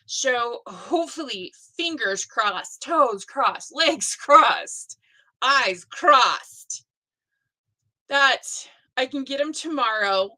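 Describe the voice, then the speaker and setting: Middle-aged lady hosting a live craft stream, rambly and self-deprecating, bright voice, takes her time. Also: high voice, lively intonation, extremely slow, rough recording. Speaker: host of a live stitching stream. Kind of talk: casual live chat.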